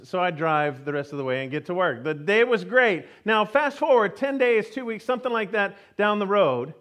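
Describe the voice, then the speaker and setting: A man preaching a sermon, telling a personal story in a lively, self-mocking way with frequent laughter and acted-out quotes. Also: sits high. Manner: animated storytelling, acts out his own voice in quotes. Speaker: pastor.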